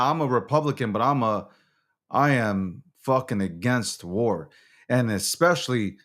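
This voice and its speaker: A man's voice: medium pitch, a bit bright. A man hosting a nightly recap show, ranting angrily with lots of swearing and repetition. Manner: heated, profane, repetitive. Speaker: host. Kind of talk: angry on-camera rant.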